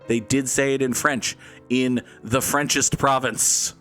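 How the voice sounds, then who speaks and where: A man streams a game and chats casually, with a playful, joking manner and a mid-pitched voice. He talks to his viewers as he plays. Soft music runs faintly underneath. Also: fairly even intonation, measured pace. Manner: playful, jokey, reads and answers chat. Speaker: streamer and host. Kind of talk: casual live-stream chat while playing a game.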